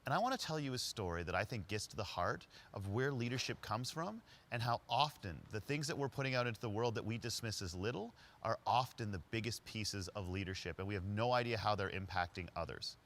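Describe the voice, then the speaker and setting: A man giving a storytelling talk as a leadership speaker, narrating conversationally and quickly. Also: fairly low pitch. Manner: conversational, quick narration with lively quoted voices.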